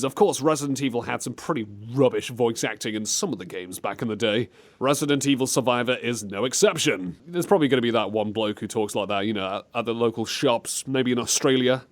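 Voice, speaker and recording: A young man co-hosting a community radio show, riffing in loose comedic banter. He rambles, his pitch swinging lively up and down. The sound is a radio studio mic. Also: fast talker. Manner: animated, rambling, slips into silly mock voices. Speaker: radio host.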